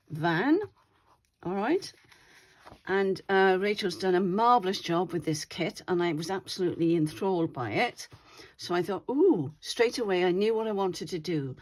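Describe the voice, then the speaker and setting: A woman hosting a craft channel, chatting casually as she demonstrates her doodles and keeps checking in with viewers. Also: lowish voice. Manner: chatty, often checks in with "all right?".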